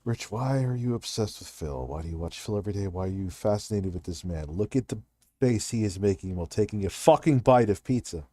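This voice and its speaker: A man's voice: lowish voice, lively intonation, fairly quick, dark tone, no room sound. A man hosting a stream, ranting with sarcastic, incredulous reaction commentary and heavy swearing. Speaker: streamer host.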